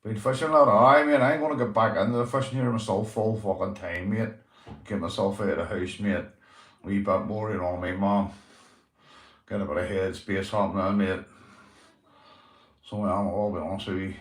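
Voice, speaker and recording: A man's voice: on the low side, fairly even intonation, moderate pace, long pauses, reverberant. A young man with a Northern Irish accent, hosting a casual livestream, greeting viewers and swearing freely, calling everyone mate. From Northern Ireland. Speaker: livestream host.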